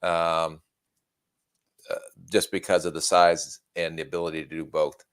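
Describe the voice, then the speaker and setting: A man co-hosting a sports podcast, answering in a plain, measured way with short verdicts. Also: low voice, little pitch movement, clear, resonant tone, no room sound. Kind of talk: casual sports podcast chat.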